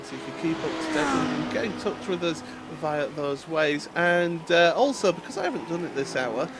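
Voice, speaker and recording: A man's voice: on the high side, big pitch swings, moderate pace. A man commenting a sim racing stream live, chatty and full of fillers, laughing easily. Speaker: race commentator. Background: race car engine noise.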